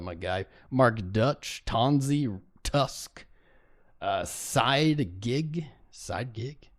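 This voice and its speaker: A man hosting a live stream, chatting casually and greeting viewers in chat by name. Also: fairly low pitch. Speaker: livestream host. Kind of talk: casual livestream commentary.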